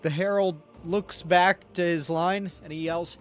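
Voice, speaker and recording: A man's voice: sits high, fairly even intonation, measured pace, smooth, faint music behind. A man from Canada running a tabletop role-play stream as game master, often restarting to check the players' choices.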